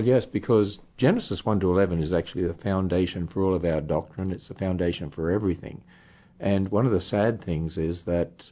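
A man's voice: deep voice, dark tone, dull audio. An older man with an Australian accent, a guest in an interview, explaining his views in an earnest, emphatic way.

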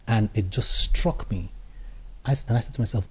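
A man telling his personal faith story as an interview guest, earnest, with halting restarts. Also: on the low side, lively intonation, a little mellow, breathy edge. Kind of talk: personal testimony in conversation.

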